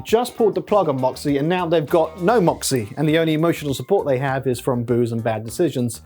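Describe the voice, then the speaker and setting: A man's voice: fairly high pitch, darkish tone. A man hosting a satirical comedy tech news show, talking sarcastically and mocking his subject. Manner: sarcastic, mocking, with many put-on silly voices.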